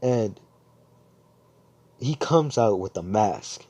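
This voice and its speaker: A man's voice: mid-range voice, expressive, normal speed, pauses often, mellow, breathy edge, no echo. A man improvising a fan fiction story aloud, rambling, swearing and correcting himself as he goes.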